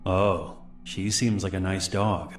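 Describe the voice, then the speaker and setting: A man voicing a creepy young man in his twenties who poses as a park ranger and talks in a smooth, falsely friendly way, in an animated horror story. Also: low voice, takes it slowly, roomy sound, faint music behind.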